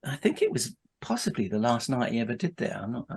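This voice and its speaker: Male podcast guest, mid pitch, rambling storyteller with restarts and laughing asides. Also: big pitch swings, fast, a little mellow, husky. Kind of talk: casual anecdotal storytelling.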